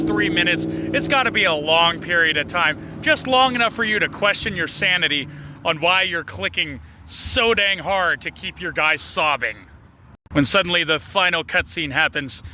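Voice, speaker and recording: High-voiced man with wry mock-grandeur. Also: bright, forceful tone, slight background noise. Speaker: video creator. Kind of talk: casual comedic monologue.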